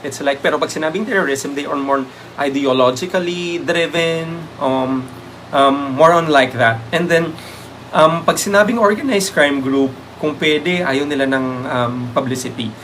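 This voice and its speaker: Male review lecturer, Filipino accent, slightly higher voice, Taglish, lots of fillers, faint noise behind him. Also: normal speed, fairly bright tone. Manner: Taglish code-switching, many "um" fillers; thanks viewers by name. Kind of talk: live-stream exam review.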